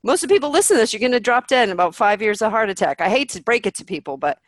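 A woman's voice: a little high, big pitch swings, racing, no echo. A woman guest in a candid interview, talking bluntly and with animation, swearing freely and acting out what people say. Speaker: podcast guest.

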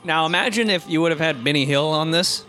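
Bright-voiced man in playful podcast banter. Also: fairly high pitch, fast, soft background music. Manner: laughing, playful, riffs with impressions. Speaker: podcast co-host. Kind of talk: casual movie commentary chat.

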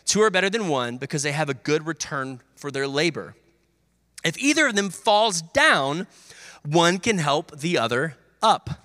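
Energetic young man preaching in a reverberant hall. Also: on the high side, moderate pace. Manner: energetic storytelling, acts out voices of teammates and coach. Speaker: pastor. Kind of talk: sermon.

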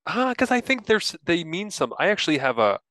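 A man's voice: sits high, sing-song, fast talker, over a noisy crowd. A man in his thirties, a podcast co-host chatting casually and telling stories with a self-deprecating laugh; he has a cold and a cough. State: sick with a cough. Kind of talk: casual chat.

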